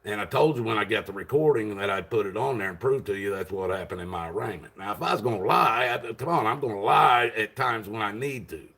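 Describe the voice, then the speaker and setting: A man loudly retelling a story to his channel viewers, rambling with many fillers and restarts. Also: lowish voice, animated, fast, few pauses, husky. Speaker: vlogger. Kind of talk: casual storytelling to camera.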